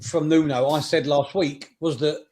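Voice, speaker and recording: A man's voice: fairly high pitch, fairly even intonation, unhurried, darkish tone. A man from England co-hosting a football podcast, blunt and joking, swearing casually. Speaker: podcast co-host.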